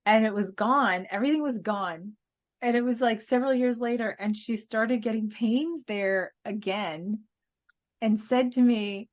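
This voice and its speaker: A woman's voice: fairly high pitch, a little slow. A woman co-hosting a casual spiritual podcast, telling stories in an earnest way and laughing now and then. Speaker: podcast co-host.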